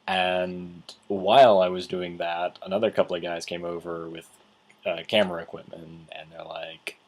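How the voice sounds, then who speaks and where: A man's voice: sits low, little pitch movement, normal speed. A man vlogging a casual, rambling story recap, acting out quotes as he goes. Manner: rambling, with many restarts and acted quotes.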